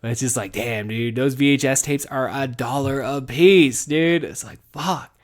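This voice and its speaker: A young adult man hosting a podcast from his garage office, rambling and profane, laughing a lot and swinging from mumbled asides to loud excited bursts. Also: mid-range voice, moderate pace. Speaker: podcast host. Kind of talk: casual podcast monologue.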